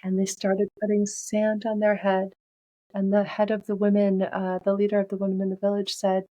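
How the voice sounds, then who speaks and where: A woman's voice: medium pitch, completely flat delivery, normal speed, dark tone, rough recording. A woman guest on a podcast, telling her story in an earnest, heartfelt way. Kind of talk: conversational storytelling.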